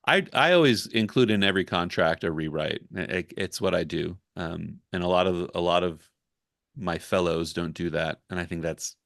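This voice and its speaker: A man with a low voice talks through his work in a relaxed podcast chat. He is candid and reflective. His sound is dry and close, with no room around it. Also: moderate pace, creaky, dry recording. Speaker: ghostwriter guest. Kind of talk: casual podcast conversation.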